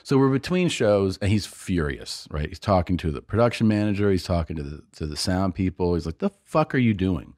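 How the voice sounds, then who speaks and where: Low-voiced man telling a story, dry sound. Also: fairly quick, few pauses, dry recording. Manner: animated storyteller, acts out others' lines, laughs often. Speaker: podcast co-host and comedian. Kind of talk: casual storytelling chat.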